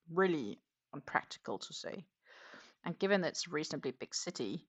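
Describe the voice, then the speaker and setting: A woman hosting a crochet livestream, chatting in a relaxed, rambling way while she works. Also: low voice, vocal fry. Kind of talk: casual livestream chat.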